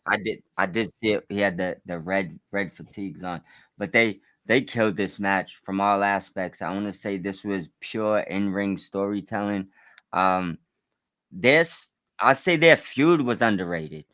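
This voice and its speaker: Excitable man chatting, bright and lively. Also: deep voice, measured pace, dry recording, clean studio sound. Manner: excitable, rambling with restarts. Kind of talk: casual chat.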